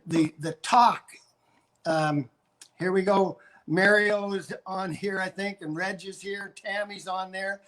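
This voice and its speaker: An older man from Canada, a dog trainer, coaching viewers on a live stream and going over his points again and again with demonstrations. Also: high voice.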